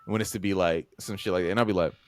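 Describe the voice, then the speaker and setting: A young man, hosting a podcast and telling stories in an animated way, full of fillers, swearing and acted-out voices. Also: deep voice, very fast. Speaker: podcast co-host. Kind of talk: casual storytelling chat. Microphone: podcast microphone.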